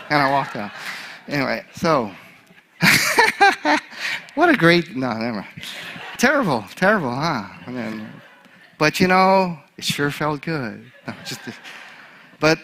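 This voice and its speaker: A man preaching, with a bright, forceful voice pitched a little high. He is an animated storyteller who laughs at his own tale before turning to the sermon. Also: takes it slowly, long pauses. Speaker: chaplain.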